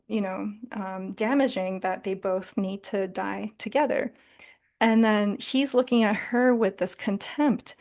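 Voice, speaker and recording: A woman's voice: mid-range voice, vocal fry, a little mellow. A woman leading a casual book club discussion, summarizing a story in a chatty way with many fillers.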